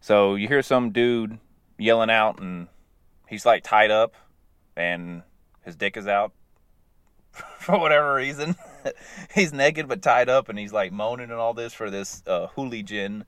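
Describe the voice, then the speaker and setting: Low-voiced man rambling through a recap. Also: a little slow, long pauses, a bit bright, clean tone, dry recording. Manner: rambling, loose storytelling with chuckles. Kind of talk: casual spoken recap of animated episodes.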